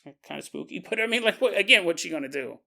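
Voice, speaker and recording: A man hosting a podcast, telling a story in a casual, animated way and joking and laughing as he goes. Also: sits high, quick pace, creaky. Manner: animated, jokey, laughs often. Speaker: podcast host.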